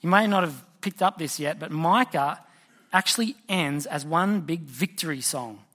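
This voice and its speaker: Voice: medium pitch, measured pace, pushed and bright. A preacher delivers a sermon in a conversational, storytelling way. The voice keeps turning to the listeners with direct questions. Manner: storytelling, asks the congregation questions.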